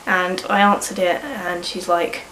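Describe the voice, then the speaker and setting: A woman's voice: on the low side, level tone, a little slow, pushed and bright, roomy sound, slight background noise, rough recording. A woman in her early twenties with a cold, vlogging in a frank, rambling way and swearing casually. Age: early 20s. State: sniffly with a cold. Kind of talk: candid personal vlog.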